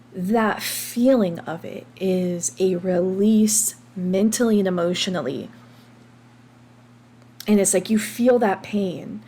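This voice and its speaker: A woman's voice: mid-range voice, warm tone, a little hiss or hum. Candid American woman confessing on a podcast. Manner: open and confessional, with frequent ums and restarts. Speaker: podcast host. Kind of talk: candid personal monologue.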